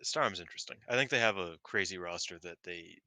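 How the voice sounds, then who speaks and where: A man from the American South with a Southern accent, co-hosting a casual chat, animated and swearing freely. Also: quick pace, no room sound. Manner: animated, swearing, acting out quotes in a high voice. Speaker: podcast co-host.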